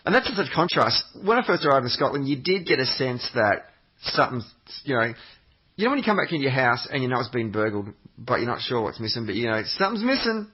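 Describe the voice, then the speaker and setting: A man's voice: medium pitch, sing-song, quick pace, husky, dull audio. A man, chatting as a podcast guest, telling rambling stories and swearing freely. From Australia. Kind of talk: casual chat.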